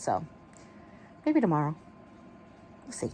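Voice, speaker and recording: Casual woman vlogger, lower voice, rambling and warm toward her viewers, recorded in bed on an earbud mic. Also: big pitch swings, unhurried, long pauses, slight background noise. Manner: chatty, rambling, affectionate. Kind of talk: casual chat to camera. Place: bedroom, in bed. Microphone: wireless earbud mic.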